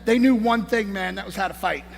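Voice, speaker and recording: A man giving a hyped-up motivational speech as a conference speaker on stage, shouting and peppering his lines with "man" and "baby". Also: high-pitched, a little fast, creaky. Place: large conference hall on stage. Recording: echoey hall, faint noise.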